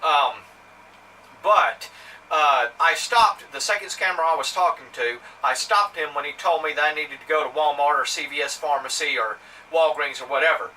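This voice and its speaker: Speaking at a moderate pace in a high-leaning, bright, forceful voice, a Southern-accented man from Mississippi vlogs to camera. He rambles indignantly through his story with many fillers and restarts, and the somewhat distant mic picks up faint background noise.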